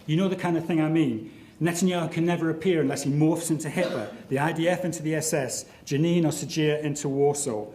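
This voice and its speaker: Man, middle-aged, formal debate speech, argumentative, mellow tone, roomy hall echo. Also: fairly high pitch, slight background noise. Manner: measured, emphatic and argumentative, with rhetorical questions. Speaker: debate speaker. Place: large lecture hall. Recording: echoey hall recording.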